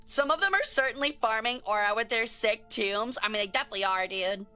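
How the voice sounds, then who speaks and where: Bright, crisp-voiced woman streamer. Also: on the high side, fairly quick, faint music behind. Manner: slangy, joking, reacting to chat. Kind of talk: casual live-stream chat.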